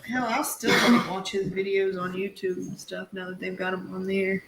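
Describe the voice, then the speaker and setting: A man chatting casually, slow and halting as he searches for words. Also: sits high, little pitch movement, creaky, echoey room, background noise. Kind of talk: casual chat.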